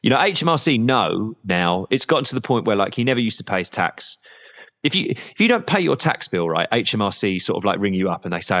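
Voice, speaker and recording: Man, very low voice, candid, rambling, blunt, long reverb. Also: sing-song, fast, fairly bright tone. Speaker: football supporters' trust representative. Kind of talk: podcast interview guest.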